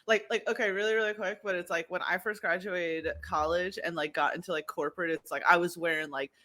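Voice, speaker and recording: A woman in her thirties from New York chats as a podcast guest. She tells self-mocking stories with easy laughs. Her voice sits fairly low but sounds very bright. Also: fairly even intonation, fast talker. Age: 30s. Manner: laughing, self-deprecating storyteller. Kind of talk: casual chat.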